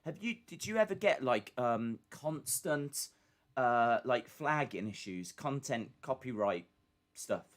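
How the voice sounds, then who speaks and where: A man's voice: medium pitch, expressive, takes it slowly. A man with a British accent co-hosting a live stream, chatting casually in a playful, teasing way. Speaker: podcast co-host.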